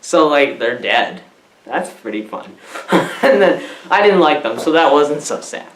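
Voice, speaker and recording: A woman's voice: low voice, big pitch swings, unhurried, a little hiss or hum. A woman giving a rambling, dim-witted comic movie review, giggling as she meanders and acts out the characters. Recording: echoey room.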